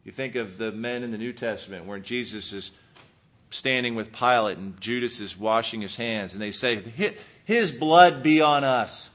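A man preaching a sermon, earnestly reading scripture and swinging between emphatic peaks and quiet, searching questions. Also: on the low side, fairly even intonation, normal speed. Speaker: pastor. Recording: dull lo-fi sermon recording.

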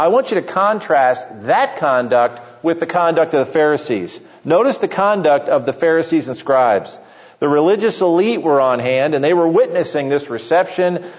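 A pastor delivering a sermon with emphatic preaching, slowing down to stress key points. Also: male voice, on the high side, darkish tone. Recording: muffled sound with long hall reverb.

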